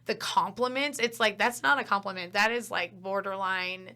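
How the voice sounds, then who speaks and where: A woman's voice: mid-range voice, steady tone, moderate pace, sharp tone. A woman who works as a bartender, a guest on a casual podcast chat, telling stories and acting out the lines of the people in them. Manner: chatty storyteller who acts out quotes.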